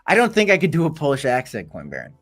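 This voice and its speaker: A man's voice: on the high side, huge pitch swings, fast talker, a bit bright. Rambling man streaming crypto commentary. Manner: rambling, with many fillers and restarts. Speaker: crypto channel host. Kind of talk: casual livestream market commentary.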